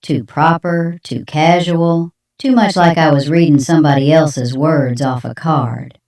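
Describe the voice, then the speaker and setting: A woman's voice: low-pitched, measured pace, darkish tone, echoey room, far from the mic. An AI voice playing a young Southern woman with a Southern accent, leaving a plain-spoken, defiant voicemail. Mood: wistful. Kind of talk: AI voice reading a monologue.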